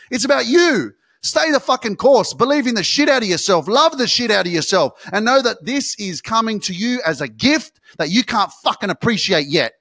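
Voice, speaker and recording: A man hosting a motivational podcast, speaking with intense, profane emphas and swinging between hushed and shouting. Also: sits high, animated, a little fast, few pauses. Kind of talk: motivational monologue.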